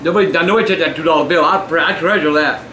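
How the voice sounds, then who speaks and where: Gruff old guy reading his fan mail, high bright voice, echoey room w/ a bit of hiss. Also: racing. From Southern US. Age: older. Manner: gruff, shouts and curses in bursts. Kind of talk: casual chat, reading letters aloud. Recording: echoey room with faint noise.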